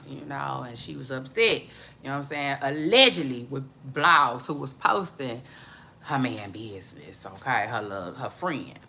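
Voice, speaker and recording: Lively gossip host, woman, bright voice with big pitch swings, drawling livestream chatter. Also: a little hiss or hum. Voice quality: drawling, repeats catchphrases, calls listeners child. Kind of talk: casual celebrity gossip chat.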